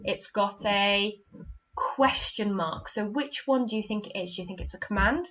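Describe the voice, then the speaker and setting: Through lo-fi sound, a woman with a mid-range, fairly bright voice teaches a primary school literacy lesson at a moderate pace. She stays patient, checks with "okay?" after each point, and dramatizes example sentences with expression.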